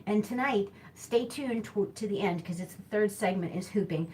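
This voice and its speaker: A woman's voice: mid-range voice, normal speed, darkish tone, slight background noise. Chatty Midwestern woman hosting a live show. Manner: chatty, rambling, self-correcting. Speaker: host of a live hula hooping show. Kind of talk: casual live-stream chat.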